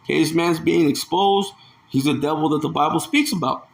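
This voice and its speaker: A man preaching with a slightly high voice, tossing in "man" and "see". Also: vocal fry. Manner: reads verses aloud slowly, interjecting "man" and "see"; repeats words often. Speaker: Bible teacher. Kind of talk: informal scripture teaching.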